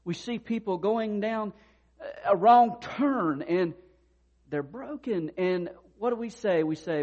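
A man's voice: high voice, a little slow. Man preaching in a conversational way, lo-fi. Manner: conversational preaching with animated retold dialogue. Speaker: pastor. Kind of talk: sermon.

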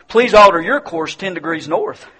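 A man voicing a calm young male private at a lighthouse, polite but firm. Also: sits high, normal speed, husky, big-room sound, voice pushed up, full character voice, rough recording. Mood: politely firm. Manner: politely insistent.

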